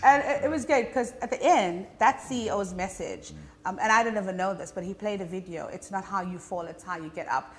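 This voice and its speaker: A woman with a South African Indian English accent, a comedian being interviewed, telling stories in an animated, chatty way with many fillers. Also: mid-range voice, brisk. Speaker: comedian guest. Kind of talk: casual interview chat.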